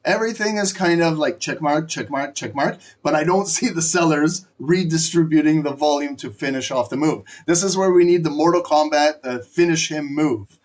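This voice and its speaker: Man, fairly high voice, live market commentary, excitable, swears, cracks jokes. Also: normal speed. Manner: excitable, profane, jokey play-by-play. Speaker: live trading stream host.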